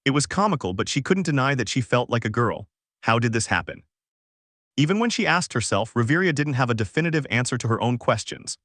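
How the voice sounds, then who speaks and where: A man's voice: mid-range voice, lively intonation, brisk, fairly bright tone, no room sound. Man narrating a fanfic in a dry voice.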